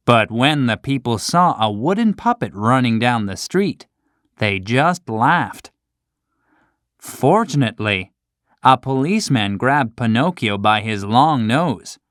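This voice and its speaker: A woman narrates a classic children's tale in slow, clear, scripted storytelling. Her voice sits low but moves a lot in pitch, giving an animated read. It is recorded close and dry. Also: no room sound.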